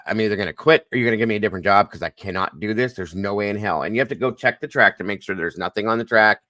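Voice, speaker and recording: A man hosting a casual live stream, telling animated stories and swearing lightly. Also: fairly low pitch, dry recording.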